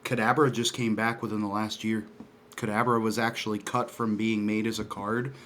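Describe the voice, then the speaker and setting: A man in his twenties on a casual podcast with friends, an animated storyteller who laughs while sharing trivia. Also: lowish voice, a little hiss or hum. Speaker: podcast co-host. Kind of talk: casual chat among friends.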